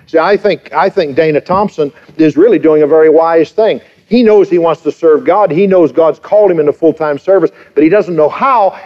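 A man in his fifties preaches with emphatic force, pressing points home with rhetorical questions and repetition. His voice sits somewhat high for a man. The recording is dull and lo-fi. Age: 50s. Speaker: pastor. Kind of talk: sermon.

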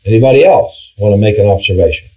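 A man's voice: on the low side, quick pace, warm tone, highs cut off. A man teaching an interactive Bible class, asking his group questions and stressing key words, with frequent restarts. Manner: questioning, emphatic, with frequent restarts and "all right".

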